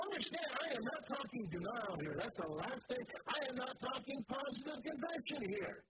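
A male pastor preaching a sermon with passion, his voice climbing from quiet asides to shouted lines. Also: high voice. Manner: impassioned preaching, swings from soft to shouting. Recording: noisy church recording.

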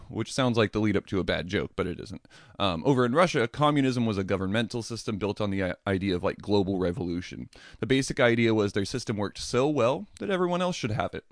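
A young man with a low voice hosts a casual history podcast, talking in a loose, animated way. He keeps slipping into exaggerated mocking voices for the people he describes. The sound is dry and close to the mic. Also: dry recording. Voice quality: swears casually, laughs at own jokes. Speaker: podcast host.

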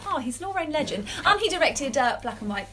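A woman co-hosting a podcast in casual chat, bubbly and excitable. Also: sits high, quick pace, slight background noise. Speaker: podcast co-host.

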